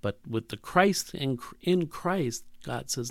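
A man's voice: medium pitch, lively intonation, slow, gravelly, no room sound. A man preaching a sermon in a reflective way, asking rhetorical questions and restarting his sentences often.

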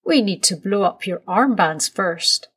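A woman voicing a patient, gently firm father in a storybook reading, calm and reassuring. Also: mid-range voice, unhurried, breathy edge.

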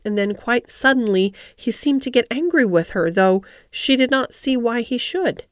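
A woman narrating a classic children's novel as an audiobook, in a measured, gentle reading voice. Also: a little high, lively intonation, dry recording, studio quality. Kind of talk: storybook narration.

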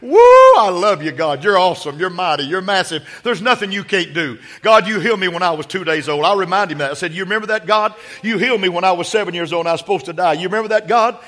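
A man preaching a sermon as pastor of a church, swinging from hushed asides to shouted appeals. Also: high voice, fast talker, few pauses. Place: church sanctuary.

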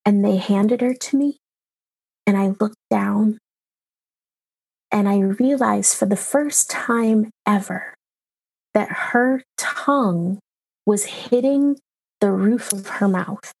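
A woman in her thirties speaks slowly in a mid-pitched voice with a gravelly fry. She recounts a personal experience as a mother in an interview, emotional and halting, with frequent pauses and fillers. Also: fairly even intonation, darkish tone. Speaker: mother telling her story.

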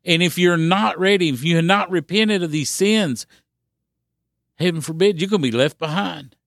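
Male podcast preacher, gravelly and slightly high, earnest and insistent, dry close mic. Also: normal speed, fairly bright tone, no echo. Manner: earnest, repetitive exhortation with restarts. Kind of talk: sermon.

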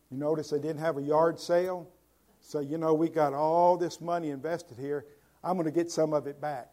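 A male pastor delivers a sermon in a somewhat high, mellow voice. He keeps turning to the congregation with rhetorical questions. He moves between loud, emphatic lines and quiet, low ones. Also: fairly even intonation, normal speed.

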